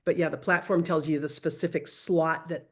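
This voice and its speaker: A woman's voice: low-pitched, steady tone, moderate pace, breathy edge. A woman teaching a casual Spanish lesson over a video call, chatty and self-correcting, laughing easily. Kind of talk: casual online language lesson.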